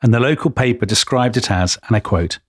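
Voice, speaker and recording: A man's voice: medium pitch, a little fast, husky, no echo, clean studio sound. An Englishman co-hosting a history podcast, telling stories with enthusiasm and lots of asides. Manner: storytelling, enthusiastic, full of asides. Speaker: podcast co-host. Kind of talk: casual history podcast chat.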